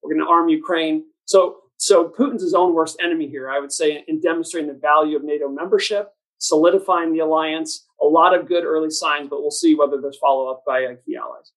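Fast-talking, higher-pitched male policy analyst. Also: fairly even intonation, low-quality recording. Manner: emphatic, quick, fluent and opinionated. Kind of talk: policy panel discussion.

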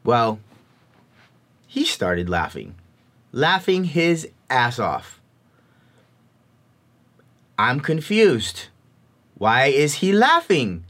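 A man telling a personal story in a talk, in an expressive, animated way. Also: mid-range voice, very slow, long pauses. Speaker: speaker.

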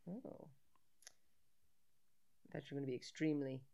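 A woman's voice: rumbling low, moderate pace, vocal fry, dark tone, lo-fi sound. A woman co-hosting a casual podcast, reading a quiz aloud in a playful way, swearing freely and laughing often. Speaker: podcast co-host.

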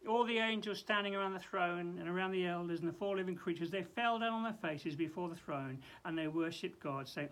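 A man, a pastor giving a daily Bible devotional, who hesitates, often repeats words and drops to a soft hush. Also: high-pitched, a little fast, hardly any pauses.

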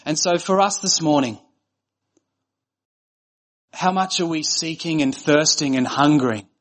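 A man's voice: on the high side, a little slow. A man preaching a sermon as pastor, earnest and conversational, building points through repeated phrases.

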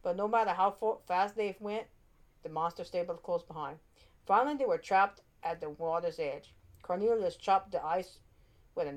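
Brief: woman reading a kids' storybook, expressive, a few stumbles. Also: fairly low pitch. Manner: expressive, with small slips and restarts. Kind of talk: children's storybook read-aloud.

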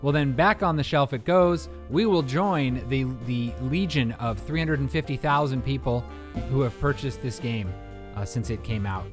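Brief: male podcast co-host, mid-pitched, loose and self-deprecating, rambles with a grin. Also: moderate pace, soft background music. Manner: joking, rambling, self-mocking. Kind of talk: casual chat about board games.

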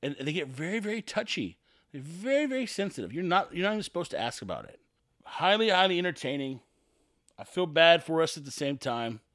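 A man's voice: on the high side, sing-song, brisk, a bit bright, no echo, clean studio sound. A man hosting a solo podcast, ranting in a sarcastic, exasperated way and repeating himself for emphasis. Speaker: podcast host.

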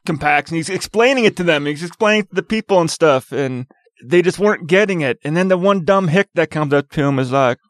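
A man co-hosting a casual podcast, telling a story in an animated, exasperated rant. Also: fairly high pitch, brisk, no room sound, studio quality. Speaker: podcast co-host.

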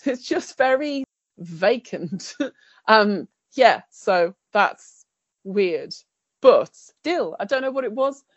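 A woman's voice: mid-range voice, animated, drawn-out words, no room sound, dull audio. A woman giving a wry, jokey take on TV shows as a podcast panelist. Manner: wry, jokey, laughs between remarks. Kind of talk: casual review chat.

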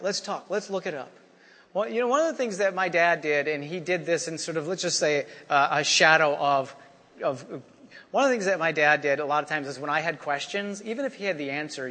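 Male preacher, high-pitched, talks to the congregation casually with repeated lines; church hall echo. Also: bright, forceful tone. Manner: conversational preaching with repeated refrains; frequent "you know" and "right?" asides. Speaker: pastor. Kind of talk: sermon. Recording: long hall reverb.

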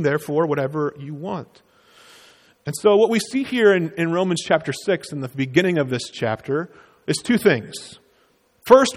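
A man with a high voice preaches a sermon in an earnest, explanatory way, and he lifts his voice to stress key phrases. His words trail into a long reverb from the hall around him. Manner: earnest, explanatory, with emphatic rises on quoted words. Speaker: pastor.

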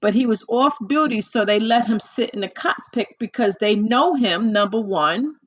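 A woman's voice: fairly high pitch, animated, normal speed. A woman talking casually to her listeners, chatty and repetitive, with frequent restarts and acted-out quotes. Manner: chatty, repeats herself and restarts, acts out quotes. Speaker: commentator. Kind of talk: casual monologue.

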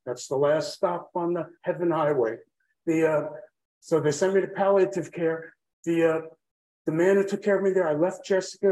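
Mellow-voiced man rambling through a story. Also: high-pitched, poor audio. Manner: rambling, drifts off track, many fillers. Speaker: podcast guest telling his own story. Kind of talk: emotional personal storytelling.

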